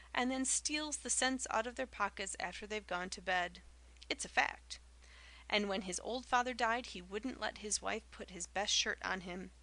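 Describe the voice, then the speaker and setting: A spiteful old village gossip, as a woman reader puts her on, hurls loud derisive remarks in rustic dialect. Her voice is gravelly with a sharp, bright edge. It is an audiobook reading of a storybook scene. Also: mid-range voice.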